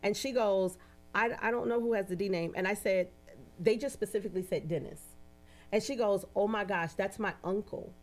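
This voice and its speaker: A woman who works as a medium, a guest in a casual interview, telling animated anecdotes and acting out the voices of the people in them. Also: mid-range voice, moderate pace, soft background music. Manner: animated, acts out quoted dialogue in anecdotes; often adds "you know" and "right?".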